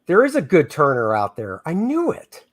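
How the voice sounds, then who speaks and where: A middle-aged comic artist hosts a casual livestream, joking with his co-host and reading chat comments aloud. His fairly high voice swoops wildly in pitch while he talks at a moderate pace.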